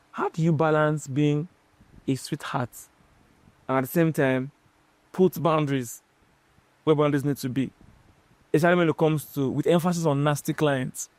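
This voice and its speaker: A man's voice: fairly high pitch, darkish tone, no room sound. A man hosting an interview, rambling and restarting as he asks his questions. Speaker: podcast host. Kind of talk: casual interview chat.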